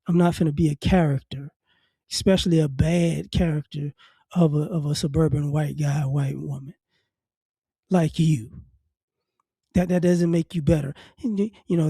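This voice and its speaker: A commentary vlogger from New Orleans delivers a blunt, casual opinion monologue, often repeating words as he builds toward his point. His voice is high, dark, and mellow with a breathy edge and faint traces of a Southern accent, recorded dry and close with no room sound.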